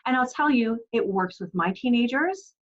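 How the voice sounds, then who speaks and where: A woman's voice: a little high, expressive, moderate pace, highs cut off. A woman in her forties giving parenting advice as a coach, earnest and encouraging, often asking rhetorical questions. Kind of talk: direct-to-camera parenting advice.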